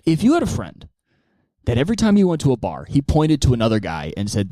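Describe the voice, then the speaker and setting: Male stand-up comic, very animated delivery, profane, dry close sound. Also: medium pitch, quick pace, dry recording. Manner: animated, profane, acts out many voices. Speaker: stand-up comedian. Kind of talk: stand-up comedy monologue.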